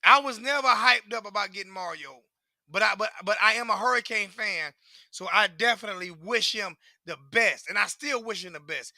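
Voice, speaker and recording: Man, forties, high-pitched, exasperated profane rant, dry close recording. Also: normal speed, bright, forceful tone, dry recording. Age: 40s. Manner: profane, repetitive, exasperated ranting. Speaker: sports fan commentator. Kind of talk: ranting fan commentary.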